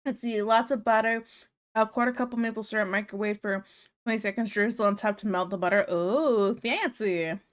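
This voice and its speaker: A woman streamer chatting casually while she draws, frank, teasing and quick to giggle. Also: medium pitch. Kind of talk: casual chat while drawing.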